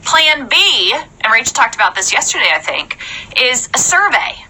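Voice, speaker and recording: A young woman in a chatty, animated live-stream coaching talk, often checking in with "okay?". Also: fairly high pitch, moderate pace, slight background noise, poor audio. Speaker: sales trainer.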